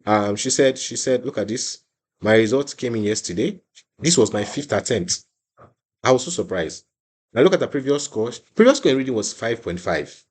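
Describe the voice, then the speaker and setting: A young adult man leads an online exam-prep class with a voice of ordinary middle pitch. He drives his points home by repeating phrases and often restarts mid-sentence. His steady teaching voice rises high when he gets excited. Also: moderate pace, husky. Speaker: IELTS tutor.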